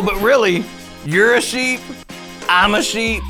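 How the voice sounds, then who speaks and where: An online faith speaker giving an energetic faith message to camera, chatty and animated, often laughing and urging listeners on. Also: mid-range voice, a little slow, over music.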